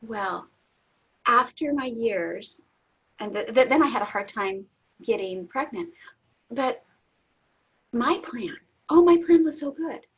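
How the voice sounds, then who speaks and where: A middle-aged woman, a guest in an interview, telling a personal story candidly, laughing often and getting suddenly loud. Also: a little high, expressive, slow, long pauses, slightly rough. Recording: dull lo-fi audio.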